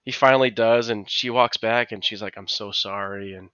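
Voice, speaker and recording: A man's voice: fairly low pitch, fairly even intonation, moderate pace, bright, forceful tone, clean tone, no room sound, highs cut off. A man co-hosting a podcast, telling a long anecdote in casual chat, rambling with many restarts and acted-out quotes. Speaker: podcast co-host.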